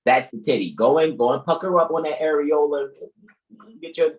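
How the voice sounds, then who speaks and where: A man's voice: on the high side, normal speed, poor audio. A man hosting an online study group over a video call, lecturing in a profane, emphatic, joking way. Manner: profane, emphatic, preachy with jokes.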